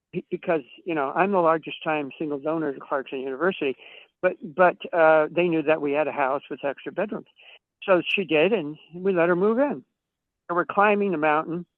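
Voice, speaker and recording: A man's voice: fairly high pitch, no echo. Man telling stories over a tinny line. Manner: profane, acts out quoted dialogue. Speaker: podcast guest. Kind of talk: casual storytelling chat. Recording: tinny phone-like line, dry.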